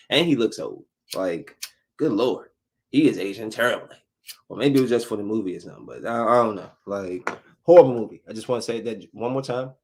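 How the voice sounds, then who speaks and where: A man with a low, gravelly voice hosts a casual solo podcast. He talks bluntly in loose slang and keeps circling back to the same points. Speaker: podcast host.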